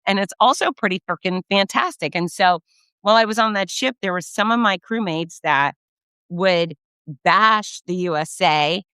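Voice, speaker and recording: A middle-aged woman from the United States talks through a podcast monologue with real enthusiasm. Her voice is bright and crisply clear, and it is recorded close and dry with no room sound at all. She gushes and leaps upward in pitch whenever something delights her. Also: moderate pace, no room sound. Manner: gushing, effusive, jumps up in pitch when excited. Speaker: podcast host. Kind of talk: casual monologue.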